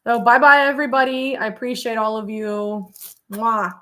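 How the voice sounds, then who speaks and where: A young woman talks loosely to her viewers in a relaxed livestream chat, her voice sitting a little high. She rambles, leans on fillers and keeps breaking into laughter as she thinks aloud. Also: normal speed. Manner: chatty, rambling, many "like" fillers, laughs often. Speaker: streamer.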